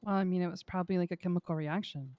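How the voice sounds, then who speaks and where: A woman playing a deadpan, teasing young woman. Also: on the low side, rapid-fire, no room sound, highs cut off, close to an everyday voice.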